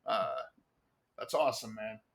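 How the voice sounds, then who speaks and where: A man's voice: fairly low pitch, animated, measured pace, slight background noise. A man, a guest on a talk show, telling stories in casual chat with lots of fillers and swearing. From United States.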